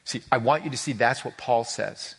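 A man's voice: medium pitch, moderate pace, creaky, husky. A man preaching a sermon to a live congregation, earnest and emphatic, rising on key words and stumbling over repeated words when moved. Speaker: pastor. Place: before a live congregation with a screen.

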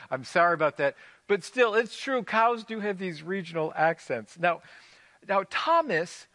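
A man's voice: fairly high pitch, sharp tone, no echo. A man preaching a sermon as pastor, telling stories in a conversational way with light humor and often restarting phrases. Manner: repeats words as he restarts phrases.

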